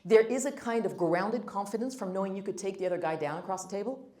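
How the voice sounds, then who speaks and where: A woman's voice: mid-range voice, quick pace, darkish tone. Emphatic woman speaker in echoey room. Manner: emphatic, blunt, joking asides. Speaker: guest speaker on first impressions. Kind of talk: workshop talk with audience Q&A. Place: meeting room. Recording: roomy room echo.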